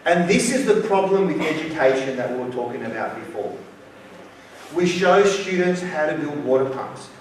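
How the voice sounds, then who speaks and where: A man's voice: on the high side, expressive, moderate pace, a little hiss or hum. A man with an Australian accent giving a university lecture, telling a story and acting out its dialogue. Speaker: guest lecturer. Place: lecture hall. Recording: very echoey hall, speaker far from mic.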